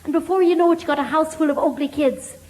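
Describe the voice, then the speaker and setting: An Irish woman comedian telling a lively, gossipy story to a live theatre audience. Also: high voice, fast, roomy sound, very noisy.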